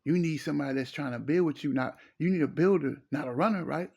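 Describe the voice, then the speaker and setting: A man's voice: fairly high pitch, quick pace, creaky, a little mellow, slightly rough. A middle-aged man, giving preachy, emphatic relationship advice in a casual monologue and repeating his phrases. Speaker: relationship commentator.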